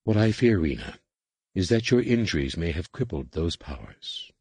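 A stern alien overseer woman, voiced by a man reading a sci-fi audiobook gives brusque, clipped orders in a very deep, husky voice. The sound is dry and close. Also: big pitch swings, moderate pace, a little mellow, no room sound, exaggerated voice. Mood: commanding. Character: stern alien female master scientist, cold, commanding.

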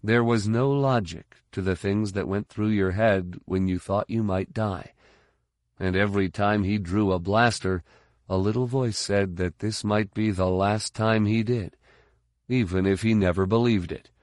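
Man, audiobook narrator, low voice, very slow and measured, dry close recording. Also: steady tone, darkish tone, no echo. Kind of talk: scripted narration.

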